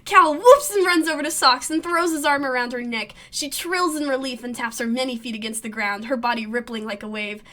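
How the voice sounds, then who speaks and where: Bright excitable woman gamer. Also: fairly high pitch, fairly quick, hardly any pauses. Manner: animated, excitable asides. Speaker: let's play streamer. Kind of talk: reading a story game aloud with commentary.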